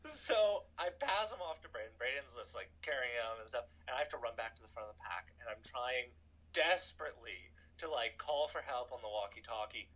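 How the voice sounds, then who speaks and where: A man in his thirties telling a personal story in a casual, animated way, full of "like" and asides. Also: mid-range voice, a little fast, poor audio. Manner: animated, chatty, filler-heavy "like". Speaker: storytelling guest.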